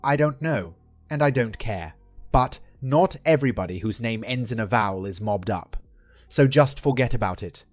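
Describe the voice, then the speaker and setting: A man's voice: medium pitch, animated, a little slow, no echo, soft background music. A man reading the lines of an earnest, joking middle-aged husband in a dry, plain voice.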